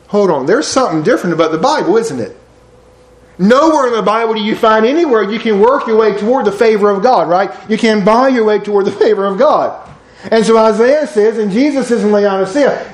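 A man's voice: sits high, lively intonation, fairly quick, roomy sound, poor audio. A man preaching a sermon in a folksy, digressive way, telling everyday stories between Bible verses. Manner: folksy, digressive storytelling with y'all and ain't. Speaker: pastor.

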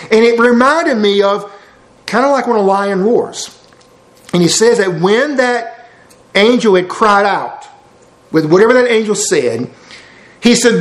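A preacher with a notably high voice reads scripture aloud and breaks in with homespun explanations. His delivery is casual and conversational, drifting now and then from the mic. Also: rough recording. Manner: folksy, explains verses line by line with asides. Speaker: preacher teaching a Bible study. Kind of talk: sermon.

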